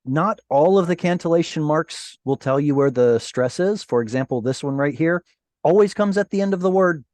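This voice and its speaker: A man at middle pitch leads a Hebrew lesson over a video call. He explains patiently and slows down to sound out each Hebrew word. The sound is dry and close, with no room in it. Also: a little mellow, no room sound. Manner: patient, explanatory, pronounces Hebrew words slowly. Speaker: Hebrew teacher. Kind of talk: online class teaching.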